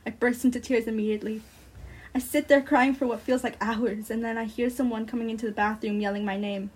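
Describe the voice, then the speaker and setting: Husky-voiced young woman reading a story. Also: fairly high pitch, steady tone, a little fast, darkish tone. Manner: earnest, breathless storytelling. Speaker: student reader. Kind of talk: first-person short fiction reading.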